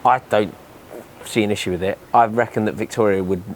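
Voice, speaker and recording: A man's voice: on the low side, fairly even intonation, a little fast, a little hiss or hum. A man co-hosting a casual podcast, agreeable and chatty as he backs up his co-host. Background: faint outdoor holiday ambience.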